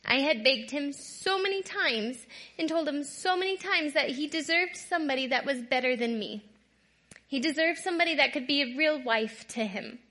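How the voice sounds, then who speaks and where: A woman giving a candid personal testimony talk, conversational and often checking in with "right?", moving between soft, quiet passages and louder bursts. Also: high voice, lively intonation, normal speed. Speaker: guest speaker.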